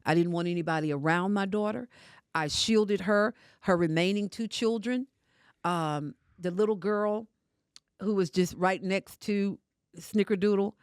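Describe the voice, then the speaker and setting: A woman's voice: mid-range voice, measured pace, smooth, no echo. Older woman, podcast guest, emphatic storyteller, dry studio sound. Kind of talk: emotional casual conversation.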